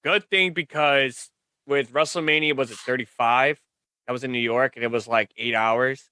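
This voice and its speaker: A man's voice: medium pitch, fairly even intonation, normal speed, bright, forceful tone, clean tone, no room sound. A man guesting on a podcast in casual chat, easygoing and hedging his opinions.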